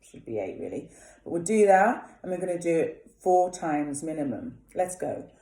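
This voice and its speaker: A woman singing teacher leading a vocal warm-up, chatting casually and demonstrating lip trills and vowel exercises. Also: fairly low pitch, sing-song, normal speed, echoey room.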